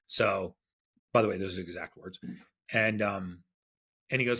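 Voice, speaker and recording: A man's voice: low voice, normal speed, creaky, pauses often, sharp tone, slightly rough. A man being interviewed as a podcast guest, telling a story casually and acting out the quotes with animation.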